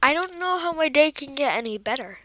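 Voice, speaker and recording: A woman giving casual, excitable commentary on her gameplay, full of exclamations and fillers. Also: high voice, fairly quick, slight background noise. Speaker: gameplay video creator. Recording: loud background music.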